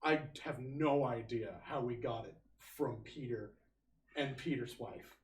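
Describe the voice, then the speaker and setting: A man's voice: medium pitch, a little slow, slight background noise. A man from Utah, a podcast guest, chatting casually and emphatically. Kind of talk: casual chat. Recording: distant echoey room mic.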